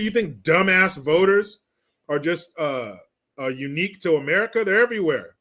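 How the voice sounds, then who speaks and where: A man rants on a livestream in blunt, profane, mocking talk, stopping now and then to read out viewer comments. His voice sits a little high and sounds bright and forceful. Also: lively intonation, moderate pace. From California. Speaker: livestream host reading chat. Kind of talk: casual political rant.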